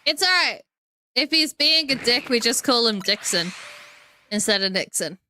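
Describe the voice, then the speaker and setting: A woman's voice: a little high, animated, moderate pace, bright, forceful tone, slight background noise. A woman with a New Zealand accent streaming a video game, chatting casually with her viewers and her dog and laughing often. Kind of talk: casual chat while gaming.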